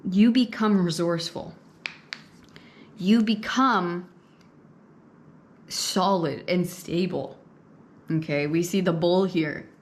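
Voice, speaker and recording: A woman giving a pick-a-card tarot reading, talking straight to her viewers in a conversational way. She often repeats herself, checks in with "okay?" and "right?", and laughs softly now and then. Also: lowish voice. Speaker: tarot reader.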